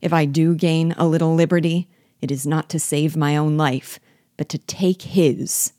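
Brief: woman voicing a scornful young male prisoner; low, dry audiobook read. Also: little pitch movement, unhurried, warm tone, no room sound. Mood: defiant. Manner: disdainful, curt. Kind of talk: audiobook character reading.

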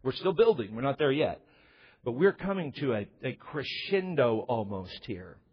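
A man's voice: medium pitch, sing-song, moderate pace, slightly rough, dull audio. A man preaching a sermon, emphatic, with his voice rising and falling in bursts as he expounds a passage. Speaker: pastor.

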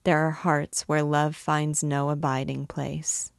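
A woman voicing a deaf hunchbacked bell-ringer, a gruff and sorrowful man who speaks slowly and quietly. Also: deep voice, flat delivery, dry recording, studio quality, full character voice. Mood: tender.

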